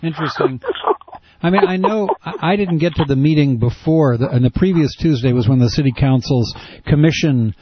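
A male radio host interviewing a guest by phone, asking probing, wry questions with halting restarts. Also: a little high, noisy background. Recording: muffled dry radio audio.

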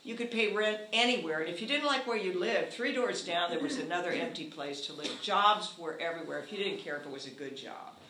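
An older man with a high, bright voice tells a story at a community meeting. He sounds animated and earnest with a wry edge. The echoey room carries a faint hum. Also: fairly quick, hardly any pauses. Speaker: housing activist speaker.

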